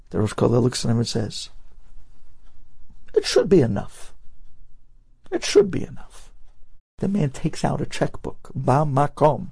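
A man telling a story with lively energy, acting out the characters' lines with sudden jumps in his voice. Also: mid-range voice, vocal fry, slightly rough. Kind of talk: animated storytelling.

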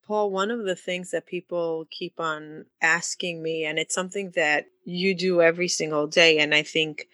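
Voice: mid-range voice, steady tone, moderate pace, hardly any pauses, sharp tone, dry recording. An interviewer asking supportive, reflective questions. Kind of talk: sit-down interview.

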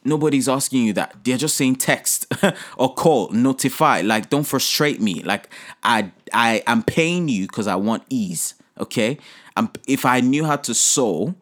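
A man hosting a podcast, giving lively, preachy business advice and speaking straight to his listeners. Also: mid-range voice, measured pace. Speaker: podcast host. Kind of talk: motivational business talk.

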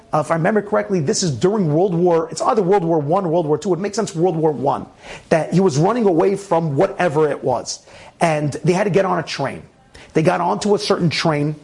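A man telling a story casually, animated, with frequent restarts and laughter. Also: high voice, vocal fry.

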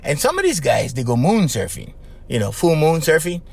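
A man's voice: fairly high pitch, very animated, moderate pace, creaky, breathy edge. A middle-aged man from Hawaii with a Hawaiian Pidgin-tinged accent, hosting a casual solo podcast, rambling and chuckling, tagging lines with "right?" and "okay?". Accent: Hawaiian Pidgin-tinged English. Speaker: podcast host.

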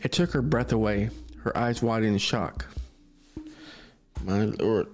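A man's voice: lowish voice, unhurried, a little mellow, soft background music. A man casually narrating a spooky story on a podcast, laid-back with swearing asides.

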